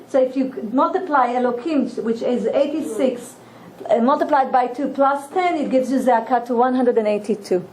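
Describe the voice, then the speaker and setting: High-voiced woman teaching Torah. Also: a little mellow, slight background noise, poor audio. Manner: slow, earnest explaining with restarts and repetitions. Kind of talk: religious lesson with storytelling.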